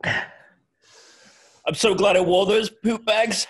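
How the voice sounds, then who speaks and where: A man's voice: high voice, steady tone, very slow, background noise. A man co-hosting a gaming podcast, laughing and making wry remarks. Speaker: podcast co-host. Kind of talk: casual group chat.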